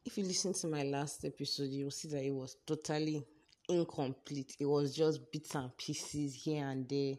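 Low-voiced Nigerian woman telling a story. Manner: chatty, animated, exasperated storyteller. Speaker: podcast host. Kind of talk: casual storytelling.

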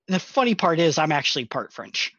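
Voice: medium pitch, very animated, a little fast, a bit bright, no echo. A self-deprecating player groans through a tabletop game chat. The audio is dry and dull, like a lo-fi call.

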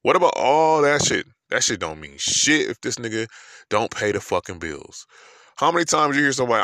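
A man's voice: medium pitch, big pitch swings, brisk, fairly bright tone, no room sound, studio quality. Profane, ranting New York man. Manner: emphatic, swearing constantly, rhetorical questions.

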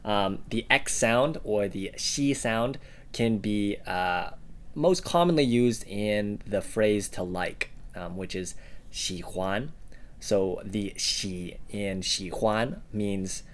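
A man co-hosting a relaxed language lesson, explaining example words with frequent ums and uhs. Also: lowish voice, slow. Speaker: language teacher co-host. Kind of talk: casual instructional podcast.

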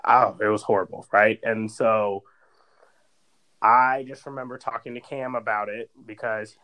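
A man with a somewhat low voice, chatting on a podcast. He rambles through a personal story with constant fillers and "like" in a casual, conversational way. Sounds like a guy in his thirties. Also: fairly even intonation, a little slow, sharp tone, low-quality recording. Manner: rambling storytelling, heavy use of "like". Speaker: podcast co-host.

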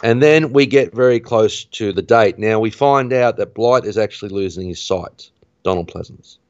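Low-voiced man retelling a film. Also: normal speed, no room sound. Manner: animated retelling, voice rising at tense moments. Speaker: podcast host. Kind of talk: casual film recap. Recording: dull, dry lo-fi recording.

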